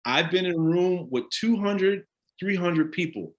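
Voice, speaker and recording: Animated man leading a live discussion. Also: sits high, a little slow, highs cut off. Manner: animated, asks the audience direct questions. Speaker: discussion leader on a live stream. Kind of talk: interactive talk with the audience.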